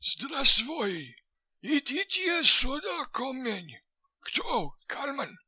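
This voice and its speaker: A man's voice: very high voice, big pitch swings, extremely slow, bright, forceful tone, breathy edge, no room sound, pitched above the performer's own voice, exaggerated voice. A man doing a wheezy, languid fat man. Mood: curt. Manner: languid, curt, broken English.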